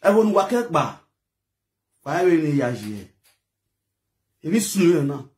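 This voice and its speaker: Angry Nigerian man ranting, high voice. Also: very animated, unhurried, long pauses. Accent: Nigerian, Edo. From Edo State, Nigeria. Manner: heated, scolding, mixes pidgin with local language, bursts into shouting. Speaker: social media commentator. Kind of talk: angry online rant.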